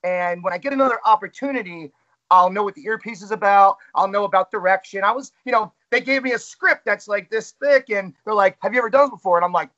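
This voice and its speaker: A man's voice: high-pitched, a little fast, pushed and bright, muffled recording. A man who works as a wrestling ring announcer, talking candidly and self-critically in a casual interview.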